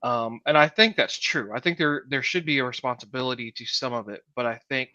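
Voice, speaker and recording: A man's voice: medium pitch, fairly quick, bright, forceful tone, no room sound, lo-fi sound. A man co-hosting a podcast, talking casually and rambling, often repeating words while he gathers his thoughts. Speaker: podcast co-host.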